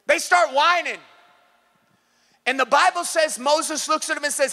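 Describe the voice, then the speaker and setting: A male pastor with a Californian accent, preaching an impassioned sermon, often shouting and acting out little scenes. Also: extremely high pitch, measured pace, pauses often. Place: church service.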